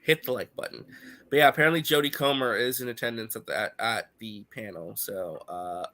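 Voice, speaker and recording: A man's voice: medium pitch, brisk, pushed and bright. A man with a stuffy cold, co-hosting a casual live reaction stream, joking and swearing freely. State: congested from a cold.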